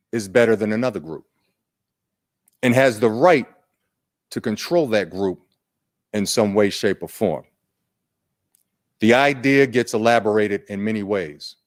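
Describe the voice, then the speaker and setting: A man presenting at an online training day, unhurried and conversational, putting questions to his audience. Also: medium pitch.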